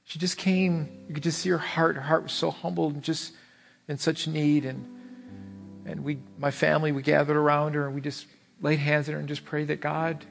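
A man's voice: a little high, little pitch movement, moderate pace, vocal fry, long reverb tail, faint music behind. A man preaching a sermon as pastor, earnest and repetitive, rising to pleading peaks. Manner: earnest, repeats words, swells to pleading peaks.

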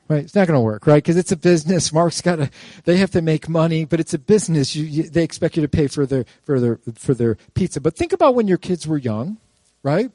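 Animated pastor preaching, man. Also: fairly high pitch, a little fast, dry recording. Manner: animated, asks the congregation rhetorical questions; playful asides and jokes. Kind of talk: sermon.

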